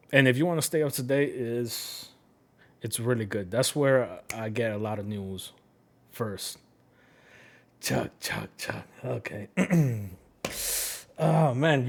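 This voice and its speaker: A man with a New York accent, chatting casually with his live-stream audience, swearing freely and dropping in Spanish phrases. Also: mid-range voice. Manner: profane, talks straight to his chat and drops in Spanish.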